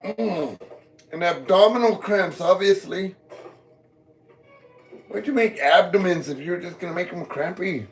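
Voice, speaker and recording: A man high on weed, rambling goofily in a meandering monologue addressed to God. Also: measured pace, pauses often, faint music behind. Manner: goofy, meandering, talks to God. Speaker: vlogger. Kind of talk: rambling stream-of-consciousness monologue.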